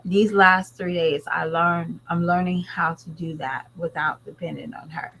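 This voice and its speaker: A woman's voice: on the low side, fairly even intonation, measured pace, vocal fry, few pauses, fairly bright tone, slight background noise, rough recording. A woman vlogger and mother talking straight to her viewers in a blunt, rambling, casual way. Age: adult parent. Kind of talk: casual commentary chat.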